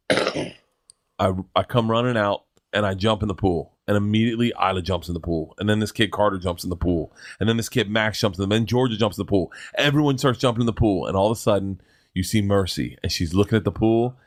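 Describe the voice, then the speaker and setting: A middle-aged man, a guest in a casual chat, telling a story in an animated, rambling way with many restarts. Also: on the low side, a little fast.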